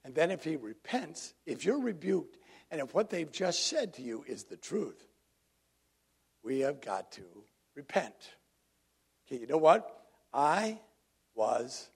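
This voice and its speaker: Gravelly, husky preacher, man. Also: a little high, very animated, a little slow. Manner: conversational, drawing in the congregation. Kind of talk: sermon. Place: church congregation.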